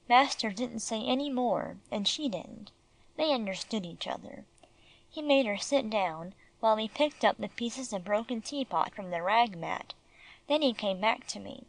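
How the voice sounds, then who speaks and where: A woman reading a children's classic as an audiobook narrator in measured storytelling. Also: on the high side, expressive, gravelly, no echo, rough recording. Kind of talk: scripted narration.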